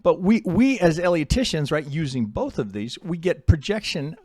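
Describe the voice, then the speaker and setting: A middle-aged man casually teaching chart analysis as a trading educator, talking bluntly, swearing and mocking traders in quick put-on voices. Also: fairly high pitch, sing-song, a little mellow, no echo, clean studio sound.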